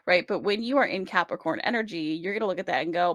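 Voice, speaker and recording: A woman's voice: on the low side, fast, hardly any pauses, a bit bright, no echo, studio quality. A woman giving a casual tarot reading, chatty and reassuring, often checking in with the listener. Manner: chatty, reassuring, many "right?" check-ins. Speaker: tarot reader.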